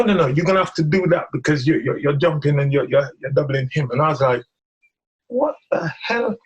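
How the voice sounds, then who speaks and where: Male guest, firefighter. Animated storyteller who laughs a lot and stammers. Husky voice, slightly high. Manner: laughs often, acts out quotes, stammers.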